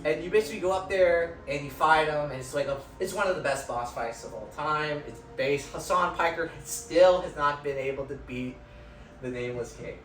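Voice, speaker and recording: A young man giving an informal lecture in a hall, excited and swearing a lot, tagging his sentences with "right?", recorded on a phone from far off. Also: on the high side, moderate pace. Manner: excited, swears constantly, tags lines with "right?". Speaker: student presenter. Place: lecture room, indoors. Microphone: phone from afar. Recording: roomy phone recording from far off, faint music.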